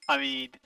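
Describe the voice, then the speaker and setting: A man's voice: sharp tone, distant mic, poor audio. A Scottish man chatting casually while playing a game, rambling and correcting himself, laughing often. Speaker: game player. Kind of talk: casual gameplay chat.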